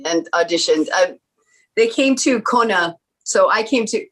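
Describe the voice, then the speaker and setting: A woman, an actress at a film reunion panel, chatting casually and laughing easily, her voice softening toward the ends of phrases. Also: medium pitch, lively intonation, measured pace. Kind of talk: casual chat.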